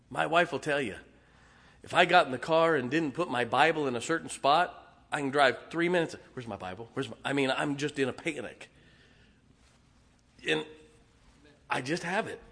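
A middle-aged man preaching a sermon, telling folksy, animated stories with asides to the congregation. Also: fairly high pitch, vocal fry, slightly rough. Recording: long hall reverb.

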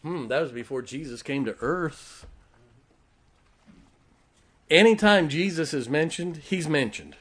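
A man's voice: on the high side, lively intonation, a little slow, long pauses, fairly bright tone, husky. A man preaching a sermon, retelling a Bible story in a folksy way and chuckling often as he goes.

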